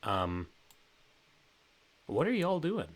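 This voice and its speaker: A man narrating as game master of a tabletop game, relaxed and rambling with many fillers. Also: a little high, drawn-out words.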